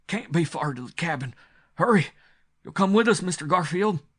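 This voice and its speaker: A man's voice: a little high, lively intonation, normal speed, voice pushed up. A man voicing a frightened servant whose voice is strangled and gasping with fear. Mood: terrified. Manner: gasping, shouting.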